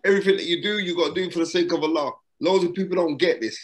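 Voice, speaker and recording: A middle-aged man, a boxing broadcaster appearing as an interview guest, speaks rapid-fire in a high voice. Holed up in a hotel room during lockdown, he gives motivational advice with street slang in an emphatic, repetitive, preacherly style.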